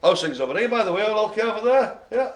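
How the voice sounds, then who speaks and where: A man's voice: sits high, animated, quick pace. A man calling bingo with jokes, banter and playful asides to the players. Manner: jokey, chatty, playful asides. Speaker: bingo caller.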